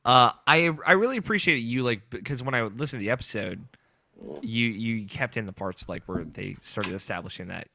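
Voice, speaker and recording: A man's voice: medium pitch, animated, fairly quick, vocal fry, pushed and bright, dry recording. A man hosting a podcast, plugging the show in an upbeat tone with many fillers while chatting over an online call. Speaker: podcast host. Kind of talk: casual chat and show plugs.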